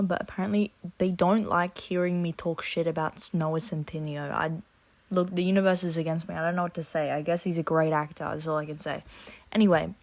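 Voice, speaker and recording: A woman's voice: on the low side, recorded from a distance, a little hiss or hum. A chatty Australian woman hosting a quiz video, with wry commentary that often swears. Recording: echoey room, mic set back.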